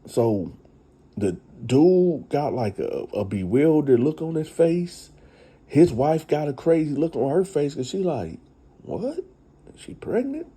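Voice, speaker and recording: A man's voice: a little high, lively intonation, a little slow, dark tone, slightly rough. A man hosting a casual storytime retelling, chatty and talking straight to his listeners. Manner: chatty, addresses listeners directly. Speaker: storyteller host.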